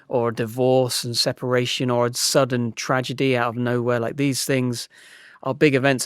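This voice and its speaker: A man's voice: mid-range voice, clear, resonant tone, no room sound, clean studio sound. A young man hosting a solo podcast, rambling and self-mocking with many restarts as he reflects aloud. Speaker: podcast host.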